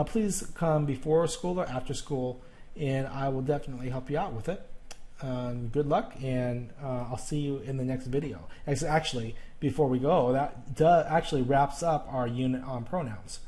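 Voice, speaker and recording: A man's voice: fairly high pitch, dark tone. Patient man teaching grammar. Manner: patient, explains step by step, frequent "okay?" checks. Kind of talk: grammar lesson video.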